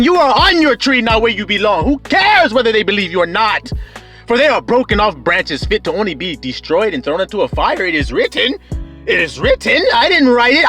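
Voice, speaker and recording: Male preacher, fervent sermon, high voice, wide swinging pitch, whoops and shouts.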